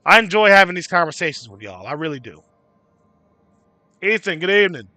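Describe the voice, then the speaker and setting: A man rants to his livestream chat, swearing casually and calling out viewers by name. His voice sits high and sounds very bright and sharp. The sound is close and dry, with almost no room around it. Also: sing-song, fairly quick, dry recording, faint music behind. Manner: swearing freely. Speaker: livestream host.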